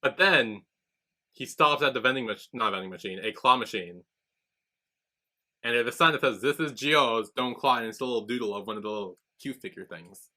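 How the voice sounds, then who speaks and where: A man's voice: medium pitch, fairly quick. A man co-hosting a podcast, casually recapping episodes and acting out the characters' lines as he goes. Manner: animated retelling with quoted voices. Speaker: podcast co-host.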